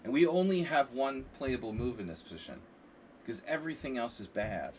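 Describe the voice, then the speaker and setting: Chess streamer man, mid pitch, chatty and rambling; mic a bit far off, faint hiss behind. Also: brisk. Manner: rambling and animated, frequent "like" and "you know". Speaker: chess coach streaming a lesson. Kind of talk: casual live-stream commentary.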